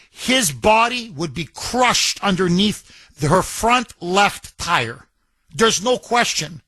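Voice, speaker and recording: Middle-aged radio host guy ranting, bright forceful voice, keeps repeating himself for emphasis. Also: high voice, dry recording. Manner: emphatic, repetitive, indignant. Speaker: radio talk show host. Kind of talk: opinion talk radio monologue.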